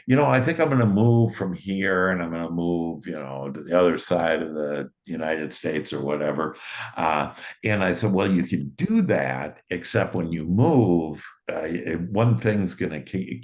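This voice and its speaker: A middle-aged man hosting a casual conversation, rambling through stories with many fillers and restarts. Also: sits low. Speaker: host.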